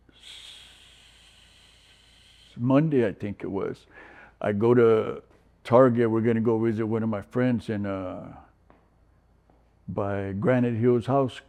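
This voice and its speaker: A man in his sixties from San Diego, California, a resident of a recovery program, gives a personal testimonial in an interview. His fairly low, warm voice rambles with many fillers and restarts.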